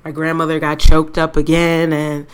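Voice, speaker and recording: A young woman co-hosting a podcast, telling a story in casual chat, animated and laughing, with some swearing. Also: low-pitched, normal speed, a loud crowd. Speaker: podcast co-host.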